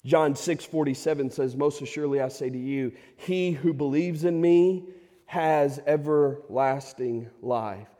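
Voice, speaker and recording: A male pastor preaching a sermon, swinging from loud emphatic declarations to quiet, intimate appeals to the congregation. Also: a little high, unhurried. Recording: long hall reverb.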